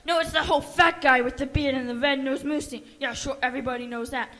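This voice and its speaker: A woman's voice: sits high, steady tone, fast talker, a bit bright, in a large hall. A woman voicing a goofy, easily sidetracked male jungle bear in a church Christmas puppet skit, rambling and jokey. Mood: playful. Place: church sanctuary.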